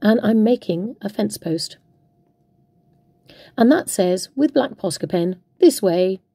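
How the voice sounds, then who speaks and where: A woman's voice: medium pitch, animated, takes it slowly, mellow, breathy edge, no room sound. A woman hosting a craft tutorial, chatting playfully and talking to herself as she works. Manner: chatty, playful, talks to herself while working. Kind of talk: casual crafting demonstration.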